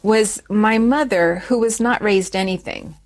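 A middle-aged woman telling a personal story in an interview, animated and often restarting her words, jumping higher when she quotes herself. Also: unhurried. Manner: animated, rises high when quoting herself; frequent restarts and repeated words.

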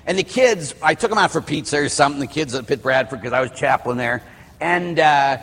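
A middle-aged priest from Pittsburgh preaches a sermon, wandering into personal stories with frequent restarts and asides. His voice sits a little high for a man and has a husky edge. The sound carries a long reverb, as in a church hall. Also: lively intonation, a little fast, a bit bright. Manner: rambling storyteller, restarts and asides. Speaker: Catholic priest.

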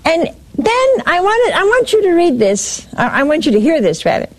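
A woman's voice: extremely high pitch, very animated, moderate pace. A woman giving a sermon, retelling a story and quoting its speakers, with frequent restarts.

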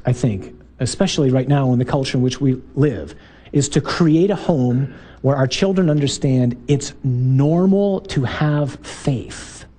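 A priest speaks to a parish group at a medium pitch, delivering an emphatic, animated talk packed with rhetorical questions and punchy, repeated lines.

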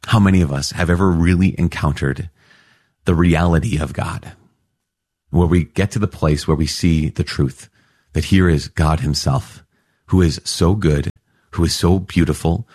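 A man's voice: deep voice, darkish tone, husky, no echo, studio quality. A man giving an enthusiastic Catholic reflection on scripture, exclaiming with wonder as he explains.

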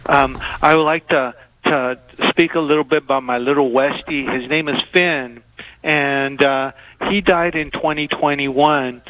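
A man calling into a radio show, telling a story haltingly with many pauses and fillers. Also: fairly high pitch, a bit bright, dry recording, rough recording. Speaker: caller.

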